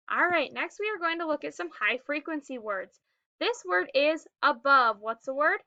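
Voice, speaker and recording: A woman teaching a phonics lesson to young children, slowly sounding out words and cueing the class to read and spell along. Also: high-pitched, animated, sharp tone, dry recording, highs cut off. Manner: slow, clearly sounded-out words with prompting cues.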